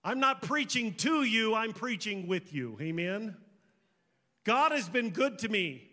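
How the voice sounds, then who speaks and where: A man's voice: sits high, big pitch swings, measured pace. A man preaching as a pastor, emotional and pleading as he leads the congregation in a prayer of salvation. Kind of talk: sermon with altar call prayer. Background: loud country guitar music.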